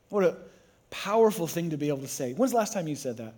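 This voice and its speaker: A man's voice: fairly high pitch, animated, quick pace, warm tone. A man preaching a sermon to a congregation, who tells the story with energy and acts out the voices. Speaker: pastor.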